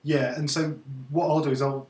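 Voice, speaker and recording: A man's voice: fairly high pitch, level tone, normal speed, a little mellow. Man, tutor, casual teaching chat, agreeable, echoey room. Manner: easygoing, agreeable, conversational. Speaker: Egyptology tutor.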